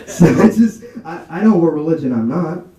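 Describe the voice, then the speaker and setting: A young man performing an animated stand-up comedy set at a college comedy night, slipping into mock voices. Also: on the high side, moderate pace. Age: young adult. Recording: roomy, distant amateur recording with crowd laughter. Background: audience laughing.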